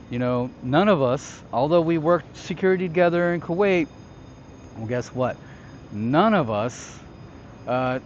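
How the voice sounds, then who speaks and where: A man's voice: medium pitch, slight background noise. A man hosting his own show, telling a personal story in a casual, conversational way and often checking in with the listener. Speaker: host recounting his past as a security contractor. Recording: slightly dull, lo-fi sound.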